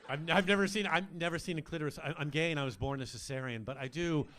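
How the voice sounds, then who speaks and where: A man's voice: quick pace, a bit bright, a little hiss or hum. An older man performing a camp, teasing stand-up comedy set on a club stage into a handheld mic. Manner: camp, teasing, swoops between mock-deep and high voices.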